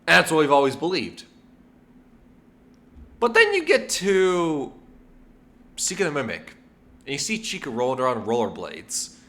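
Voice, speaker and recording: A man hosting a casual video game lore video, animated and full of rhetorical questions and filler ums. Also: on the high side, unhurried, pauses often. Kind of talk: casual lore theorizing to camera.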